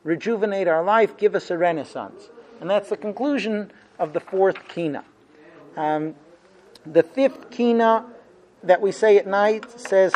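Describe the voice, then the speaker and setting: A man's voice: high voice, darkish tone. A man teaching a religious lesson in an earnest explaining way, acting out quoted laments with feeling.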